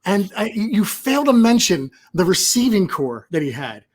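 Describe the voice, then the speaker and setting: A man's voice: sits high, sing-song, normal speed. A man who is a guest on a sports podcast, arguing heatedly and asking rhetorical questions. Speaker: podcast guest, team insider. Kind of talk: casual sports podcast chat.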